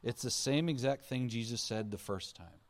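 A man's voice: medium pitch, moderate pace. A male pastor preaching an Easter sermon, earnest, his voice rising and falling for emphasis as he acts out quotes.

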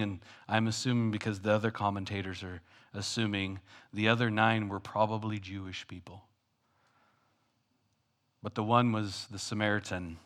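Animated male pastor preaching. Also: lowish voice. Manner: animated, swings between loud and hushed; conversational, self-deprecating. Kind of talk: sermon.

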